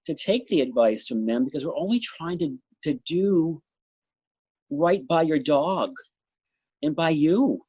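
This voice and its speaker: A man's voice: fairly high pitch, darkish tone, breathy edge, dry recording. A middle-aged man with a New England accent, a dog show judge answering interview questions in a blunt, rambling way. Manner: blunt, talks fast in bursts, trails off. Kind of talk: interview answer, candid anecdotes.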